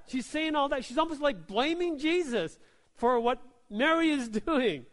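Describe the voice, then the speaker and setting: A male pastor preaches in a high voice, calling out for "Amen?" and "right?" as he goes. His delivery is very animated, dropping to soft asides and rising to emphatic exclamations, and it rings through a reverberant hall. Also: unhurried. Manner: call-and-response, repeats "Amen?" and "right?"; emphatic, swings between soft low asides and raised exclamations. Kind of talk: sermon.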